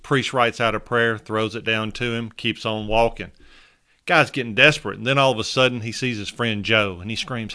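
A man narrating a short parable as a show host, with a folksy, conversational delivery. His voice is low-pitched yet bright and forward, with a smooth, resonant clarity. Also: steady tone, moderate pace. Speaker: host and storyteller. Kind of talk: storytelling narration.

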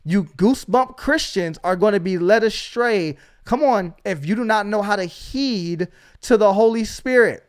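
Male preacher-host, high voice, emphatic exhorting delivery with lots of call-outs. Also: moderate pace, smooth. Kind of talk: energetic preaching.

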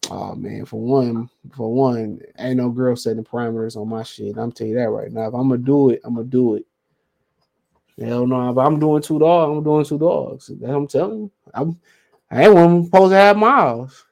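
A man's voice: medium pitch, normal speed, vocal fry, darkish tone. A man hosting a casual solo podcast, talking in a slangy, profane, rambling way and reading out listener comments. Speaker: podcast host.

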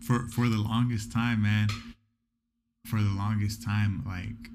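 A man with a fairly low voice talks loosely on a podcast and wanders through his thoughts. Faint background noise sits behind him. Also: slow. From Orange County, California. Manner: relaxed, rambling, restarts often. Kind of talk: casual chat.

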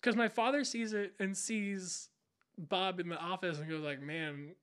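A man's voice: high voice, fairly even intonation, unhurried, a bit bright. A young man co-hosting a podcast, chatting casually and enthusiastically, rambling and acting out movie scenes. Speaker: podcast co-host. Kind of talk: casual chat.

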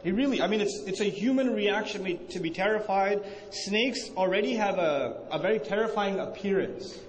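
High-voiced man lecturing in an echoey hall. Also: moderate pace. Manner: questions the audience and answers himself; acts out quoted speech with rising emphasis. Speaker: Islamic teacher. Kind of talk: religious lecture to a live audience. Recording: echoey hall with faint noise.

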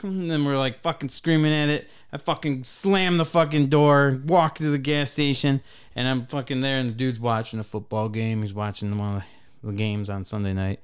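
A man's voice: medium pitch, brisk, clean tone. A man in his thirties telling a rambling, profane story as a podcast host in casual chat. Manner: profane, rambling, animated when telling stories.

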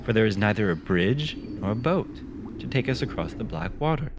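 A man's voice: lowish voice, animated, normal speed, background noise, natural voice. A man voicing a cheerful, fearless little farm girl in a read-aloud storybook, talking in a brave, reassuring way.

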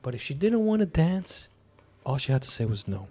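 A man's voice: medium pitch, fairly quick, breathy edge. A man hosting a podcast, telling a long personal story in casual chat and acting out what people said. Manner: animated, acts out quotes of himself and others. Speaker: podcast host.

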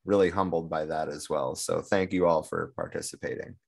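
Man, low voice, livestream host, halting, video call. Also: fairly even intonation, gravelly. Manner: hesitant, many ums. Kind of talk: casual closing remarks.

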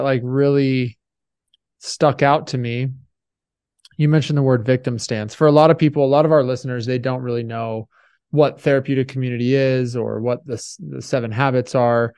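A man's voice: medium pitch, darkish tone, clean tone, dry recording. A man hosting a podcast, asking casual, enthusiastic interview questions. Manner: enthusiastic, loose and chatty. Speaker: podcast host.

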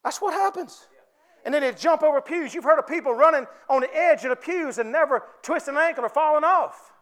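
A man with an extremely high, slightly bright voice talks fast while preaching a fervent sermon. He calls out to his congregation, drawing responses from them.

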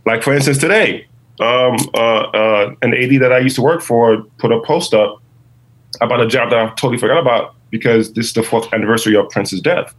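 A man who makes films, speaking as a guest in an earnest, halting way with many restarts. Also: mid-range voice, low-quality recording. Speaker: guest, filmmaker. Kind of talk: casual interview chat.

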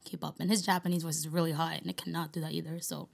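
Giggly young woman with a gravelly edge. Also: low voice, little pitch movement, very fast. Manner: giggly, rambling, heavy use of "like". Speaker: podcast co-host. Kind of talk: casual chat.

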